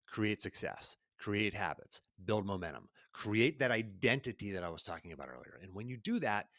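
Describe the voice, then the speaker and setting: A man's voice: on the low side, vocal fry, fairly bright tone, no echo, clean studio sound. A middle-aged man hosting his own podcast, talking energetically and conversationally, often tossing in rhetorical questions. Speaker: podcast host and coach. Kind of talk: solo podcast monologue.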